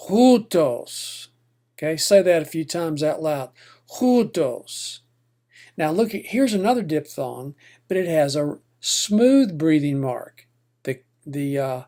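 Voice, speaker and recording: A man teaching Greek pronunciation to a class, sounding out each word slowly and deliberately. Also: on the high side. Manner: slow, deliberate, sounds out words syllable by syllable. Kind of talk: recorded Greek pronunciation lesson.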